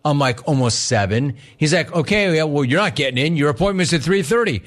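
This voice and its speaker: A man's voice: on the high side, a little fast. Man telling a story, acting out voices. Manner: animated, acts out both sides of the story. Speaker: radio host. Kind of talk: casual storytelling monologue.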